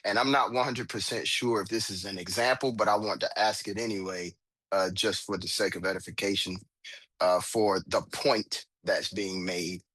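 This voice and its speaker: A man's voice: fairly low pitch, fairly even intonation, normal speed, fairly bright tone, breathy edge, no echo. A man in a study group asking a question in a hesitant way, with lots of ums and uhs.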